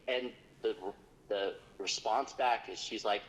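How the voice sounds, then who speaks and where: In casual conversation, a man who works as a paranormal investigator tells a rambling story full of fillers. His voice sits at a medium pitch and moves at an unhurried pace, and the recording quality is low.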